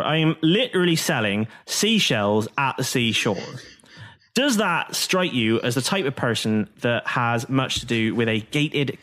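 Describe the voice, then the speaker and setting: A man's voice: mid-range voice, a bit bright. A man voicing a dismissive middle-aged trader who sells trinkets at a seaside market stall in a tabletop game.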